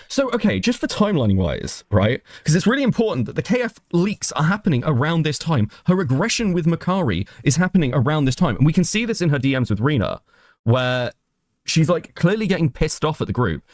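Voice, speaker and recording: A man's voice: fairly high pitch, very animated, fairly quick, no echo, clean studio sound. A man casually talking through messages on a call, muttering and thinking aloud as he searches. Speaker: streamer going over messages on a call. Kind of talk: casual discussion.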